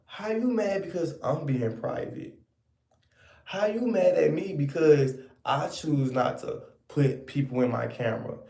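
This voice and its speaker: A man rants at his viewers in a sassy, scolding way, circling back to the same points again and again. His voice is gravelly and mellow. The sound carries the echo of a bare room. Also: on the high side, animated, measured pace. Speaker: online commentator. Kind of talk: ranting commentary to viewers.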